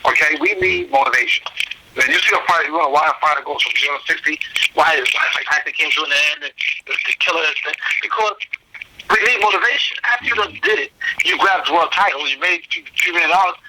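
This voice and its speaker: A middle-aged man, a former boxer, talking as an interview guest in a casual, animated storytelling way with many restarts. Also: fairly high pitch, fast talker, noisy background.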